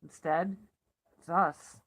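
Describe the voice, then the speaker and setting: A woman's voice: lowish voice, fairly even intonation, slow, a bit bright, slight background noise, poor audio. A woman reading a first-person novel aloud as elocution practice, with asides and self-corrections. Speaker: reader.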